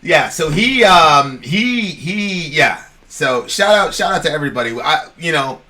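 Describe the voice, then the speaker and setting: A man's voice: a little high, lively intonation, unhurried, pushed and bright. A man co-hosting a podcast, telling a personal story in a rambling, casual way, swearing freely and often asking "you know what I'm saying". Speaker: podcast co-host.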